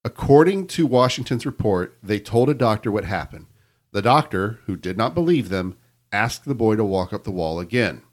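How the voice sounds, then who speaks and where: Low-voiced man reading out a story. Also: expressive. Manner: measured storytelling with quoted reports. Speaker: podcast host telling the story. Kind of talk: reading a news account aloud to co-hosts.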